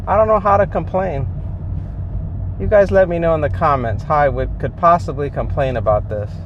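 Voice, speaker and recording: A man vlogging from inside his car while driving deliveries, rambling and exasperated, often restarting his sentences. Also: on the high side. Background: faint car and road noise.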